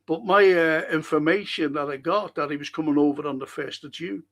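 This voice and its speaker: A man with a somewhat high, gravelly voice hosts a casual live-stream podcast. He talks bluntly and swears freely, and he reads viewer comments aloud between his own rants. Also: a little fast, a bit bright. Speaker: podcast host.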